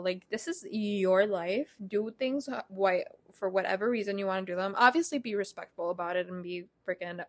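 A woman's voice: mid-range voice, moderate pace. A woman in her twenties hosting a casual solo podcast, candid and chatty, swearing freely and using lots of fillers. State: out of breath. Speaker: podcast host. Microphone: podcast mic, partly faulty.

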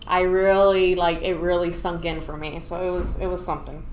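A woman from Dallas, a Navy veteran guest, telling stories in a casual interview, animated and laughing as she acts out quotes. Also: lowish voice, normal speed, roomy sound, low-quality recording. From Dallas, Texas.

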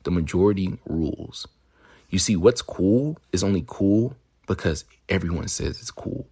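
A man's voice: low-pitched, animated, normal speed, a little mellow, husky. A young man hosting a podcast, talking in a rambling, swaggering, profane monologue, with crude jokes and mock-lecture asides. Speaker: podcast host.

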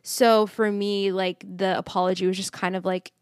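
A woman's voice: mid-range voice, normal speed, smooth, dry recording. Young woman podcast host, candid and blunt, curses freely, dry close sound. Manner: blunt, swears freely, animated retelling. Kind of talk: candid storytelling monologue.

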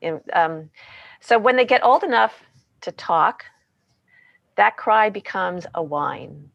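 A woman's voice: medium pitch, lively intonation, slow, vocal fry, no echo, muffled recording. Chatty woman explaining parenting, dry sound. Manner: chatty, often adds "right?" and "you know". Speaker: parenting book co-author. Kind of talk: casual conversational explanation.

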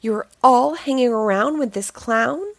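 A woman's voice: on the high side, animated, a little slow, no echo. Woman reading as a grumpy, grumbling storybook monster. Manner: grumbling, gruff complaints. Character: grumpy male neighborhood monster. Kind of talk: storybook read-aloud.

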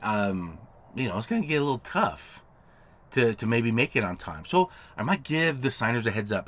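Man, podcast host, casual explainer, mid-pitched voice, acts out quoted dialogue. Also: very animated, moderate pace, fairly bright tone. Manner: conversational, explains with repeated examples and quoted dialogue, frequent restarts. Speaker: podcast host, notary signing agent. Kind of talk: casual solo podcast talk.

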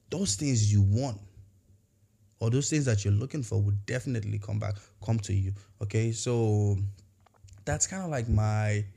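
A man's voice: medium pitch, mellow. A man hosting a podcast episode, giving a casual motivational talk and telling a story, talking conversationally with many fillers and restarts. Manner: acts out quoted voices in storytelling. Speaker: podcast host.

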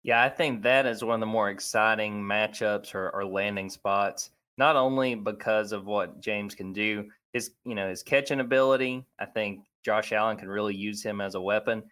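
Low-voiced man hosting sports talk. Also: steady tone, moderate pace, few pauses, a bit bright. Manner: conversational, restarts often. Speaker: podcast host.

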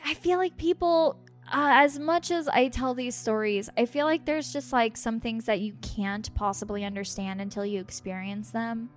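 A woman co-hosting a podcast as a medium, telling stories in a casual chat and acting out the voices of the people she quotes. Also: fairly high pitch. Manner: animated, acts out quoted voices.

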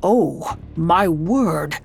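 A woman voicing a grumpy, miserly old man with a croaking voice in an audio drama story. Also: on the low side, lively intonation, very slow, faint music behind, exaggerated voice. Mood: astonished. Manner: croaking, scoffing.

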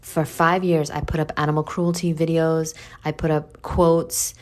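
A woman's voice: deep voice, little pitch movement, measured pace. A woman with a New York accent giving a candid, blunt monologue to her listeners, swearing freely and calling them boo.

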